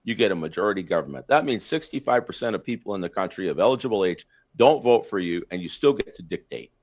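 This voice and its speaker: A man's voice: deep voice, expressive, fast talker, darkish tone. A Canadian man hosting a podcast, ranting bluntly in casual political chat with lots of fillers and restarts. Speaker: podcast host. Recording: slightly dull lo-fi sound.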